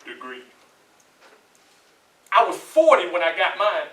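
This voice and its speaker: A man with a Southern US accent giving a motivational speech to students in a college hall, preachy and animated, often asking the crowd questions. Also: sits high, slow. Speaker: motivational speaker. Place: large echoey college hall. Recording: echoey hall, voice from far off.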